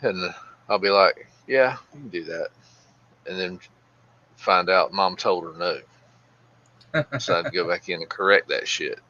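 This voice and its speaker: A deep-voiced man with a bright edge, telling blunt stories from his police days. The recording sounds a bit dull and lo-fi. He keeps a casual podcast chat going. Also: steady tone, moderate pace, long pauses, a little hiss or hum. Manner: storytelling, blunt, mild cursing. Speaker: podcast co-host, former police officer.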